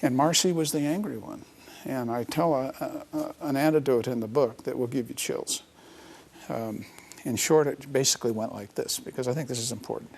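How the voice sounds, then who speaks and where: A man's voice: medium pitch, normal speed, gravelly, a little hiss or hum. A middle-aged man, an interview guest, telling a personal story in an earnest, reflective way.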